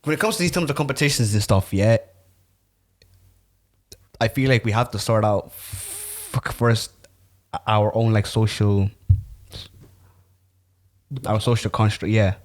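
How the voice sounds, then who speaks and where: A man's voice: on the low side, measured pace, pauses often. A man co-hosting a podcast in loose, rambling, slangy casual chat. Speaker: podcast co-host.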